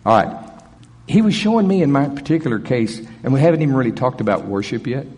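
A man preaching a sermon at a church service, animated, swinging from loud bursts to soft asides. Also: medium pitch, quick pace, big-room sound.

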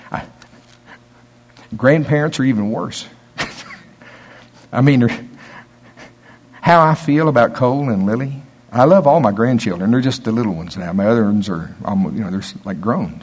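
Here a pastor, an older man, delivers a sermon full of homespun storytelling, his voice sinking to low asides before swelling into forceful, loud preaching.

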